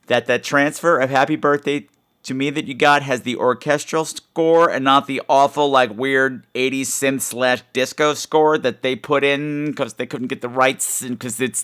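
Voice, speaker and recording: A male podcast host talking casually and rambling, with jokey self-mocking asides. His pitch sits in an ordinary middle range but swings widely as he goes. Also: fairly bright tone. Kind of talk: casual solo podcast chat, reading listener emails.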